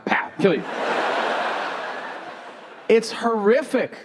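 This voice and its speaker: A man doing a stand-up comedy set on stage, telling stories in a deadpan way and acting out both sides of the dialogue. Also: on the high side, normal speed, pauses often. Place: theater stage before a live audience. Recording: live show with crowd noise. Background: audience laughter.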